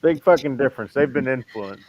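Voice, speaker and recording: A man's voice: mid-range voice, expressive, brisk, highs cut off, crowd noise. A man hosting a casual group chat, telling stories and cursing freely. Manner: profane storytelling. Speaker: host.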